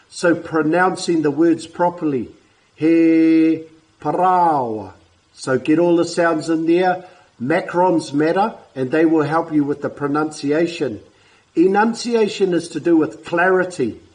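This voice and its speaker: A man, coaching te reo learners in a casual talk to camera, repeating words slowly and clearly. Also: fairly high pitch, low-quality recording. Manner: warm, encouraging, repeats words slowly for pronunciation.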